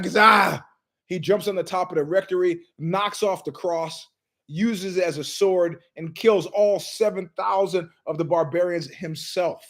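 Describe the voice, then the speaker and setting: A middle-aged man hosts his own show, telling a long story as an animated monologue. His voice sits high for a man, and he delivers it emphatically, wandering off into asides. He slips into other people's voices whenever he quotes them. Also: a little slow. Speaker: show host.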